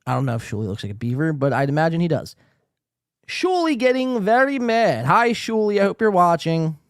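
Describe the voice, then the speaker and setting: A man's voice: a little high, quick pace, no echo, clean studio sound. A man hosting a reaction podcast, ranting and swearing in casual commentary. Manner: profane, ranting, excitable. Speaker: podcast host.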